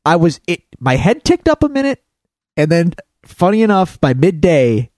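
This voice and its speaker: Podcast cohost dude, super bouncy voice, mock pedantic rants, dry mic. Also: male voice, a little high, normal speed, no room sound. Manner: animated, mock-pedantic ranting. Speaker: podcast co-host. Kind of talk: casual chat.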